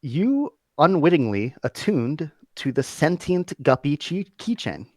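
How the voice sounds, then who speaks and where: A man running a tabletop game as game master, narrating casually with halting restarts. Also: on the high side, sing-song, darkish tone, no echo. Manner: casual, halting, many fillers.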